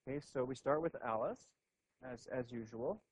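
A man's voice: mid-range voice, moderate pace, breathy edge, rough recording. A man giving a classroom physics lecture at a board, thinking aloud with frequent restarts and "okay"s.

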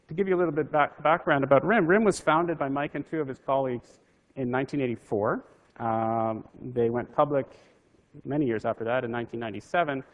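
A physicist telling a wry anecdote from his career in a conversational talk to an audience. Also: a little high.

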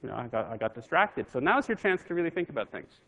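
A man quoting an excited male tech founder in a slightly raised voice while telling a story. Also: medium pitch, quick pace, big-room sound, muffled recording. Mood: eager. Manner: excited, persuasive.

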